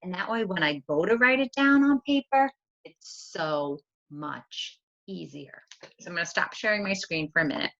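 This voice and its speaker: A woman teacher on a video call, telling a story in an animated storyteller voice for a writing lesson. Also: on the low side, moderate pace. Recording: dull lo-fi sound.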